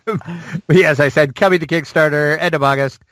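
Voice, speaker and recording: A man's voice: fairly high pitch, fairly even intonation, normal speed, fairly bright tone, no echo, rough recording. A man co-hosting a gaming news podcast, chatting casually and rambling with plenty of fillers. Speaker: podcast co-host.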